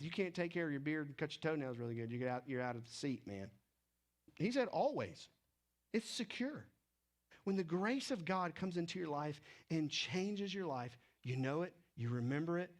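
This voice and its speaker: Animated casual male pastor preaching. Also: on the high side. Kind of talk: sermon.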